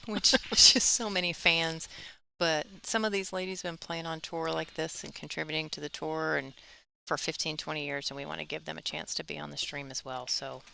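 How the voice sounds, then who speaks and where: Gravelly low-voiced woman commentating pool. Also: fairly even intonation, brisk, sharp tone, slight background noise. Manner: chatty, laughs easily, plugs the stream. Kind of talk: casual live commentary. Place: tournament venue.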